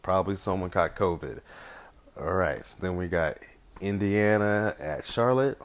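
Deep-voiced man rambling on a podcast. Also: unhurried. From California. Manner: loose, rambling, profane, slangy banter. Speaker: podcast host. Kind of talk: casual solo podcast monologue.

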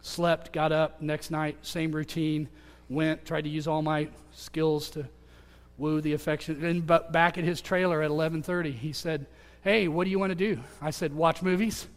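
A man preaching, telling an earnest personal testimony that swings between loud calls and hushed moments. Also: fairly high pitch, little pitch movement, normal speed. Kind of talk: sermon testimony. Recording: long hall reverb.

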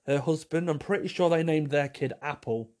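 Going through listener questions by himself, the podcast host talks at a moderate pace in a high-leaning, darkish voice, wandering off track, repeating himself and making self-mocking jokes.

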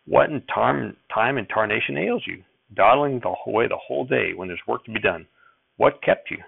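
A man's voice: lowish voice, animated, normal speed, vocal fry, slightly rough, dry recording, full character voice. A man voicing a cranky old farmer grandfather who scolds and hollers in a rural drawl. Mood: impatient hollering. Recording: dry tinny phone-like sound.

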